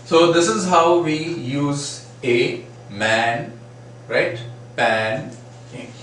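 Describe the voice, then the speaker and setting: Guy teaching phonetics, real slow, lots of "right?", far from mic, echoey room, faint hiss. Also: a little high. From India. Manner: slow, repeats example words aloud; frequent "right?" and "uh, say" fillers. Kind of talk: phonetics lecture.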